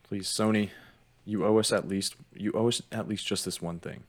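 A man's voice: fairly low pitch, steady tone, normal speed. A man co-hosting a casual podcast, easygoing and agreeable, getting hyped about films. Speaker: podcast co-host. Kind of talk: casual chat.

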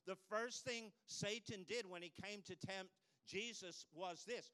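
Bright, clear-voiced male pastor preaching. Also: high-pitched, unhurried. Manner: conversational preaching with storytelling and questions to the congregation; laughs at his own stories. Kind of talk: sermon.

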